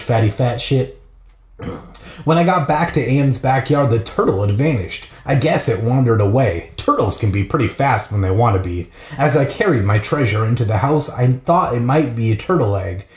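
A man's voice: mid-range voice, a little mellow, echoey room. A man hosting a podcast, reading a children's book aloud with irreverent, profane comic asides, recorded in a bathroom.

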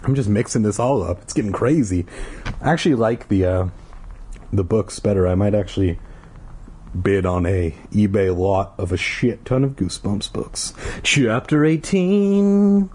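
Husky man reading a spooky storybook aloud. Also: fairly low pitch, moderate pace. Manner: animated reading with offhand joking asides.

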